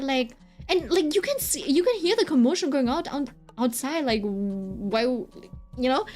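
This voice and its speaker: A woman's voice: high voice, expressive, moderate pace, faint music behind. A woman streamer telling a story in a casual, rambling way, full of fillers and constant "right?" check-ins. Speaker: streamer chatting while drawing.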